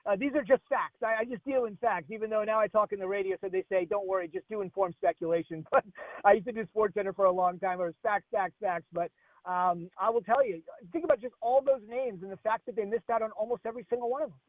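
A man from New Jersey calls in as a guest broadcaster, his voice coming through a narrow, tinny phone line. He talks at a rapid clip in a fairly high register. He rattles off names in quick lists with plenty of energy. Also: no echo. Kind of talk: casual radio interview.

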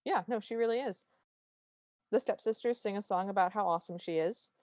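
A woman co-hosting a podcast casually recaps a TV special, retelling its plot and quoting its lines. Her medium-pitched, darkish voice moves fairly quickly, and the recording is dry and clean, like a studio.

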